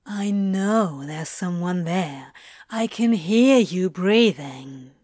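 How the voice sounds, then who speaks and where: A woman voicing a calm, teasing male demon with a rich, smooth voice and an unhurried, coaxing way of talking. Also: on the low side, no room sound, studio quality.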